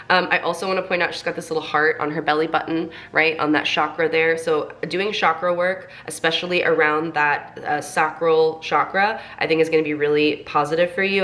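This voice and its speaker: A woman's voice: low-pitched, a bit bright. A young woman with a congested voice, reading tarot cards in a chatty, encouraging way full of fillers. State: congested from a cold. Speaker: tarot reader.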